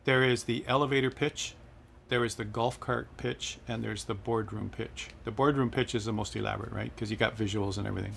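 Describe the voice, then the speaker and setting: A man's voice: lowish voice, steady tone, a little fast, vocal fry, few pauses, fairly bright tone, slight background noise. A middle-aged man hosting a casual flight-sim livestream, chatting and reading viewer comments aloud with frequent laughs. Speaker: livestream host.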